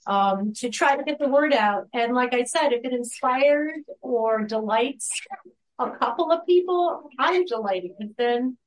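A woman's voice: fairly high pitch, poor audio. Chatty laughing New woman. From New York. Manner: chatty, animated, laughs often, swears casually. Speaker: guest poet. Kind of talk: casual chat over a video call. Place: at home by her computer.

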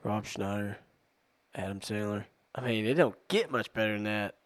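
On his podcast, a man whose voice sits on the low side cracks jokes and tells stories in casual chat with friends. His pace is moderate and there's no echo.

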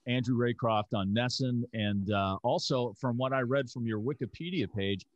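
A man co-hosting a sports podcast who tells stories in a loose, easygoing manner. His pitch is ordinary and middling. The sound is dry and close. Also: normal speed, dry recording, highs cut off. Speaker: podcast co-host. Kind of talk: casual sports podcast chat.

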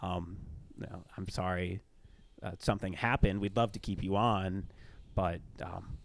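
A man voicing a calm male museum director who speaks in a measured, halting way with a slightly lower voice. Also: vocal fry. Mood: dismissive.

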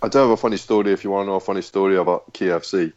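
Co-host, man, low voice, animated joker, muffled lo-fi audio. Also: very fast. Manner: jokey, animated storyteller. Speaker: podcast co-host. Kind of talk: casual chat. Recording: dull lo-fi sound.

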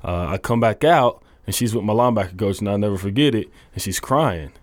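A young man, a college football coach, telling his faith story in a halting, earnest way full of restarts. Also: fairly low pitch, expressive, dry recording. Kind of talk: casual testimony interview.

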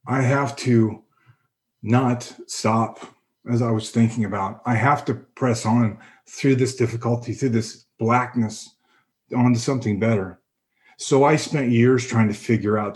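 A middle-aged man giving a personal testimony, earnest and reflective, pausing and restarting as he speaks. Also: mid-range voice, a little mellow. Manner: earnest, reflective, halting with pauses. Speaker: personal storyteller.

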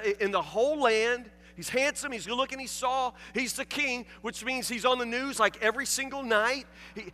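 A man preaching a sermon, telling the story with animated, emphatic delivery and repeated phrases. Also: very high-pitched, in a large hall. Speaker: pastor.

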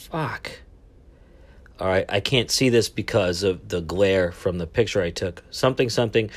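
A man's voice: fairly low pitch, a little fast. Rambling, cursing man on a podcast. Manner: rambling, profane, self-mocking. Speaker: podcast host. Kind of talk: casual solo podcast chat. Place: cabin aboard a cruise ship.

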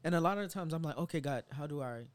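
A man's voice: on the high side, expressive, rapid-fire. Reflective man in a faith chat. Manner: reflective, playful asides, acts out inner dialogue. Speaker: podcast co-host. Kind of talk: casual faith conversation.

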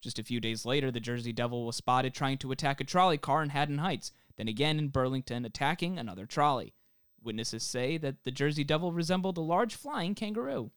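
A man's voice: mid-range voice, expressive, a little fast, clear, resonant tone, no room sound, clean studio sound. A young man co-hosting a podcast from home, reading a story from notes with jokey asides. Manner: reads steadily, breaks into laughing jokes. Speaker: podcast co-host presenting the story. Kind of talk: reading researched notes with banter. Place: home, self-isolating.

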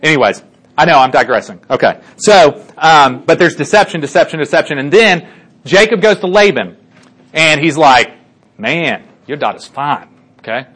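A man's voice: on the high side, animated, normal speed, fairly bright tone. A man casually retelling a Bible story to a group, chatty, with many fillers and check-ins. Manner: chatty, lots of fillers and restarts, asks listeners for agreement. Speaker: Bible teacher.

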